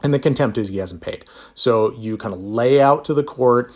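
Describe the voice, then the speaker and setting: A man's voice: medium pitch, moderate pace, few pauses, darkish tone. A man, a divorce attorney, chatting casually in a live Q&A, reading viewer comments aloud and answering with easygoing, self-deprecating humor. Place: Utah.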